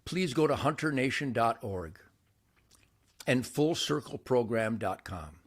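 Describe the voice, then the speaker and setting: An older man hosting his own show, ranting boastfully to camera by a campfire outdoors, with wild swings between shouting and muttering. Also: animated, unhurried, breathy edge. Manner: brash, boastful, loud swings in pitch and volume.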